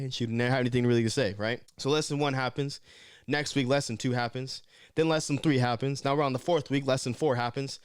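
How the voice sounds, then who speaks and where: Young man, vlogger, casual slangy storytelling, fast, dry close mic. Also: mid-range voice, smooth, dry recording. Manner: slangy, animated, conversational.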